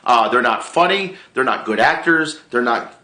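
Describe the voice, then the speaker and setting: A middle-pitched man chats casually to camera, rambling and restarting his sentences and swearing freely. His voice is bright and forceful. The recording carries the echo of a bare room. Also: normal speed. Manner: rambling, excitable, swears a lot, frequent restarts. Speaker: vlogger and improv actor.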